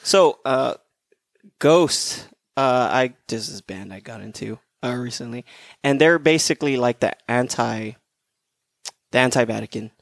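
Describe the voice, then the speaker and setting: A podcast co-host with a gravelly, mid-range voice chats casually and unhurriedly, rambling with lots of fillers. The recording is clean studio sound with no echo.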